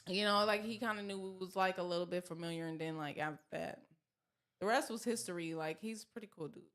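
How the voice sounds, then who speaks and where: A woman's voice: fairly low pitch, fast, a bit bright. A woman in her thirties with a Southern US accent, chatting casually as a podcast guest, rambling with many fillers and restarts. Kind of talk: casual chat.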